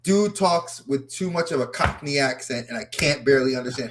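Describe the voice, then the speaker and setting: Male podcast co-host, slightly high voice, excitable and rambling, casual wrestling chat. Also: fast talker, few pauses, crowd noise. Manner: animated, excitable, rambling lists of names.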